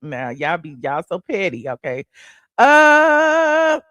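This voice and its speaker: Sassy gossip host, lively and dry. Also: male voice, sits high, moderate pace, dry recording. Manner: sassy, animated, peppered with "honey" and "child". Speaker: host of a celebrity gossip livestream. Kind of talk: casual live chat with viewers.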